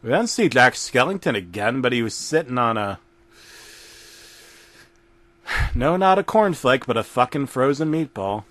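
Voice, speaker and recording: A man's voice: medium pitch, sing-song, measured pace, pauses often, a bit bright, no echo. A man narrating a comedic horror story in a crude, profane storytelling manner.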